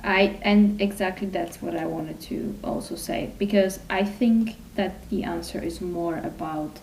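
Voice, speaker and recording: Woman co-host from Eastern Europe, measured and reflective, mic a bit distant with faint room hum. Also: fairly low pitch, fairly even intonation, a little mellow. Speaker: podcast co-host. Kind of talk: casual podcast chat.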